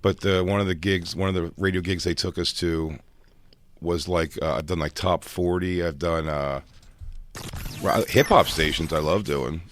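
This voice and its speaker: A man's voice: low voice, steady tone. A man, a comedian, telling a rambling, profane story in casual banter on a podcast. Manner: rambling, profane, does quick voices of people in his stories.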